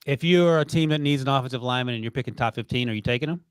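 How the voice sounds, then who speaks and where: Fast-talking joking male podcast host. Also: medium pitch, clear, resonant tone, no room sound. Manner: quick, joking, teasing. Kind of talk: casual sports podcast chat.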